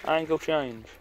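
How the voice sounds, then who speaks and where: A man with a lively, swinging delivery hosts a fishing trip outdoors at a lakeside. He jokes wryly with his mates and narrates each catch in a casual, easy manner. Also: fairly high pitch. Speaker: fishing vlog host. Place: outdoors by a lake.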